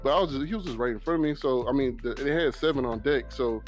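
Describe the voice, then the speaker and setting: A man's voice: medium pitch, fast, soft background music. A man with a Southern US accent, a podcast guest telling a story in casual chat and acting out what others said. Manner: laid-back storyteller, acts out quotes.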